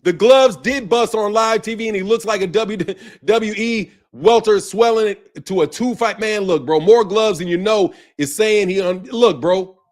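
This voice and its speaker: A high-voiced man delivers a fired-up rant on his boxing channel. He is confrontational and profane, circles back on the same points again and again, and talks straight at his target. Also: moderate pace, hardly any pauses. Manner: heated, confrontational, profane, repeats himself. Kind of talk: ranting commentary to camera.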